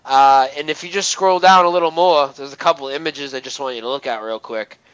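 A man's voice: mid-range voice, fairly quick, fairly bright tone, smooth, dry recording. A man co-hosting an internet radio show in casual talk, who laughs easily and fills his speech with uh and um. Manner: laughs while talking, many fillers and restarts. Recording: dull lo-fi sound.

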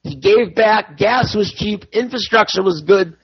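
A man's voice: sits high, expressive, a little slow, breathy edge, no room sound, lo-fi sound. A man ranting angrily to his viewers about politics, swearing and repeating himself. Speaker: political commentator.

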